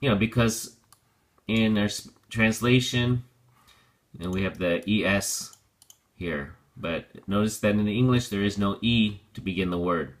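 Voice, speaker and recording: A man's voice: lowish voice, a little slow. A man teaching an English vocabulary lesson, explaining patiently step by step with plenty of fillers.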